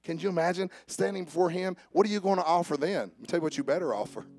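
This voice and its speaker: A man preaching a sermon. He jokes with the congregation and swings from soft asides to raised calls. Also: high voice, quick pace, dry recording, clean studio sound. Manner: joking with the congregation. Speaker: pastor. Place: church service with instrument behind.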